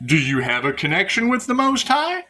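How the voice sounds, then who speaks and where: A man's voice: high voice, wildly swooping pitch, moderate pace, bright, forceful tone. A man rambling to his viewers in a spiritual vlog, sarcastic, swearing and laughing often. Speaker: spiritual vlogger.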